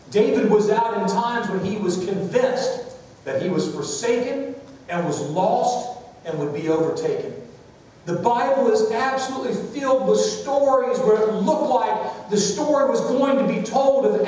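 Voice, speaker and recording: A male pastor preaches a sermon in a church sanctuary, moving from storytelling to calls for amens. His voice is fairly high. It reaches the mic from a distance, with long reverb around it. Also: a little mellow, slight background noise.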